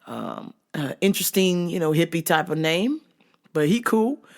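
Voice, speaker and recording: A woman's voice: fairly low pitch, normal speed, vocal fry. A woman in her thirties hosting, telling a comedic story with profanity and frequent laughter. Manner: animated, profane, laughing often. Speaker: host.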